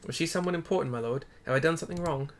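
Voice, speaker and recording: Guy doing a jittery ferry captain from a game, stammers, bit higher and louder than normal. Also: racing, slight background noise, lightly acted. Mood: nervous. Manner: stammering, anxious, deferential. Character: a nervous, deferential male ferry captain.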